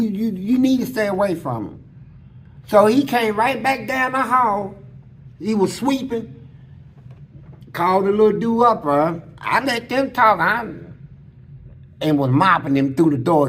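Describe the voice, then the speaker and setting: A man with a high voice for a man tells stories in a loose, casual way. His slang is blunt and crude, and he acts out other people's lines along the way. A faint hiss sits under his speech. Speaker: interview guest. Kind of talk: casual storytelling about prison life.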